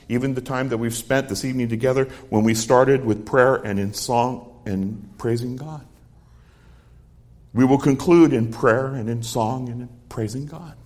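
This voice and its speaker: A man's voice: mid-range voice, darkish tone. A middle-aged man preaching a sermon, expounding a psalm verse by verse and telling stories from his own life in an earnest way. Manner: earnest storytelling with quoted dialogue.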